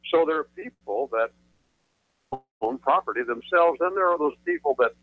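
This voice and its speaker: Man, attorney on talk radio, lively swooping delivery, emphatic lecturing, dry phone-line sound. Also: on the high side, moderate pace, dry recording. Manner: emphatic, lecturing, repeats phrases for stress. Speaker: attorney guest. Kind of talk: radio talk show interview.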